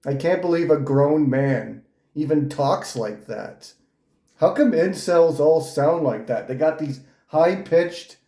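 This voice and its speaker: A man's voice: a little high, dark tone, roomy sound. A man giving mocking reaction commentary, sneering and ridiculing someone as he talks. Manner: sneering, ridiculing, with frequent laughs.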